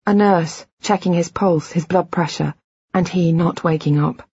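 A woman reading a first-person audiobook in a measured, reflective, quietly intimate way. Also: fairly low pitch, fairly even intonation, breathy edge, dry recording, dull audio. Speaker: audiobook narrator.

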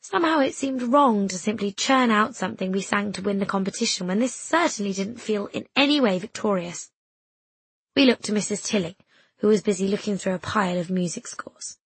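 Breathy woman reading an audiobook. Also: mid-range voice, no room sound. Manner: measured, reflective storytelling. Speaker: narrator. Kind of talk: scripted audiobook narration.

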